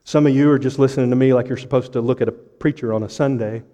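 A man preaching a sermon with impassioned rhetorical questions, pausing for effect and dropping to a hush. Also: medium pitch, fairly even intonation, in a large hall. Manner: impassioned preaching with dramatic pauses and sudden drops to a hush. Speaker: pastor.

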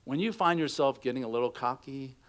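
A man's voice: medium pitch, fairly quick, clean tone. A middle-aged man preaching a sermon, telling stories and acting out quotes in a conversational way. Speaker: pastor.

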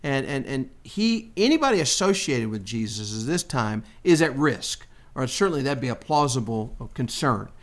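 Man teaching Scripture with animated delivery. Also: normal speed, few pauses. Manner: animated, acts out quotes with rising pitch. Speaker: Bible study host. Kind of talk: conversational Bible teaching.

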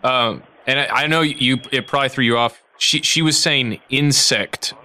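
A man's voice: medium pitch, moderate pace, bright, forceful tone, clean tone. A man hosting a comedy podcast, making prank calls and asking absurd questions with a straight face. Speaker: podcast host and prank caller. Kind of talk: prank phone call banter.

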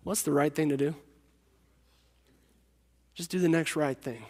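A man delivers a sermon in a high, ringing voice. He presses his points by repeating them and drops low for his stories. Long reverb from a big hall trails every phrase. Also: unhurried. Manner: emphatic, repeats key lines, drops to a hush for stories. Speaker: preacher.

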